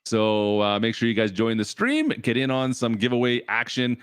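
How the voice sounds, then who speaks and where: A man's voice: mid-range voice, normal speed, clear, resonant tone, dry recording, studio quality. A man co-hosting a podcast in casual, rambling, self-mocking chat. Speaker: podcast co-host.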